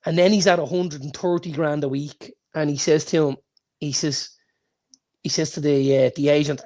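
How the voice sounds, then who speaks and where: A man's voice: a little high, a little fast, darkish tone. A man, co-hosting a football podcast and telling anecdotes with many false starts. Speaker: podcast co-host. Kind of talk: casual football chat.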